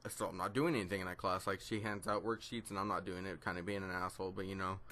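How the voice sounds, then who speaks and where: A man's voice: low voice, flat delivery, quick pace, sharp tone. A teenage boy telling a rambling story in casual chat over gameplay, full of fillers and self-deprecation. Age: teens. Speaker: gaming vlogger.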